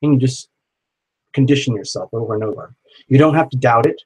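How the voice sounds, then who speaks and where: A man with a husky voice hosts a live tarot stream. He speaks softly and repeats reassuring affirmations to viewers, naming them as he goes. His pitch sits right in the middle of the range. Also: brisk, rough recording. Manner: gentle, repetitive affirmations, addresses viewers by name.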